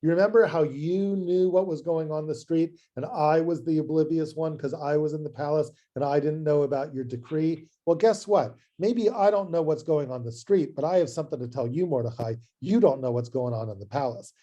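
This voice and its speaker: A man's voice: a little high, a little fast, hardly any pauses, dark tone, muffled recording, natural voice. A man doing a hesitant, awkward young queen. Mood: defiant. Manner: hesitant, rambling, apologetic.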